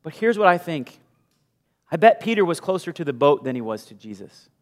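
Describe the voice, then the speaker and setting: Guy preaching a sermon, lively storytelling, voice on the higher side, long hall reverb. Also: a little fast. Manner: animated storytelling, shifts between loud bursts and hushed asides. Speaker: pastor.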